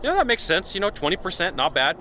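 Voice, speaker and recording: A man giving casual to-camera sales advice, acting out buyers' lines in an animated way, recorded outdoors. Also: sits high, fast talker, slight background noise. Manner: animated, acts out buyer dialogue. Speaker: sales consultant.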